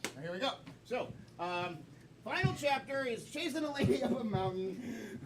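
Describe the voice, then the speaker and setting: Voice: medium pitch, animated, normal speed, very noisy. An improv comedy host running a live show, upbeat and often laughing as they take suggestions from the audience. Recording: distant mic with loud crowd.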